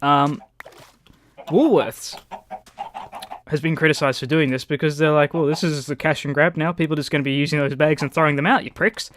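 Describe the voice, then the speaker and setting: An Australian gaming YouTuber rambles casually while playing, swearing freely, chatting with viewers, and talking to the game's chickens. His fairly high, slightly bright voice is steady and fairly quick, with a little hiss or hum.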